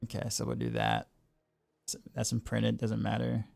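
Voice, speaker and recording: A man's voice: lowish voice, big pitch swings, normal speed, creaky, a little mellow, no echo. A man casually commenting on his game as he streams, rambling and often restarting his sentences. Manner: rambling, repeats words, laughs easily. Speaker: game streamer and music teacher.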